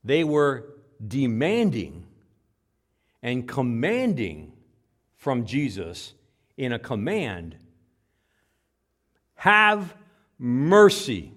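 A man preaching a sermon in church, animated, repeating words and acting out the quotes. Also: mid-range voice, slow, pauses often. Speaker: pastor. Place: church with microphone.

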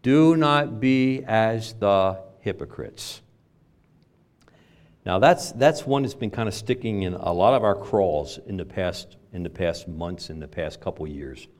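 Older man, pastor, low voice, conversational sermon, loud emphasis then quiet asides. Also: normal speed, hardly any pauses.

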